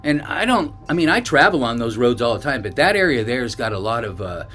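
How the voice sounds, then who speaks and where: A man's voice: medium pitch, big pitch swings, fairly quick, faint music behind. A middle-aged man from Northern California telling a travel story to camera in a casual, rambling way, full of fillers and restarts. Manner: rambling, many fillers and restarts, acts out quoted shouts. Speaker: travel vlogger.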